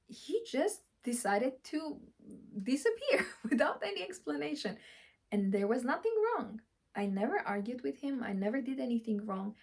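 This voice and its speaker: A young woman with a somewhat high, slightly husky voice talks straight to camera, coaching viewers through a breakup. Her pitch swings widely as she laughs and acts out her own past thoughts in an expressive, animated way. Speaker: relationship coach. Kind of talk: advice vlog talking to camera.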